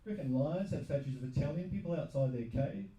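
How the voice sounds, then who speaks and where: A man from New Zealand doing stand-up, firing off deadpan one-liners. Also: on the high side, fast talker, recorded from a distance. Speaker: stand-up comedian. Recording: echoey room.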